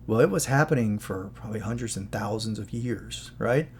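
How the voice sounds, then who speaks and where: A man's voice: medium pitch, a little fast, few pauses, a little mellow, slightly rough. A man talking in a casual, earnest commentary, moralizing and rambling with many asides as he hosts his own channel. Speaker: channel host.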